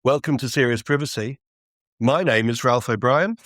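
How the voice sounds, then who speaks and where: A man's voice: mid-range voice, moderate pace, fairly bright tone, no echo. A man co-hosting a privacy podcast, talking in casual chat with a dry, wry humor. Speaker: podcast co-host.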